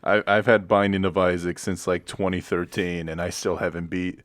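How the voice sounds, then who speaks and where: A man's voice: sits low, flat delivery, moderate pace, dry recording, clean studio sound. A young man co-hosting a casual podcast, joking around and laughing often. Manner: jokey, laughs often, tries silly voices. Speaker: podcast co-host.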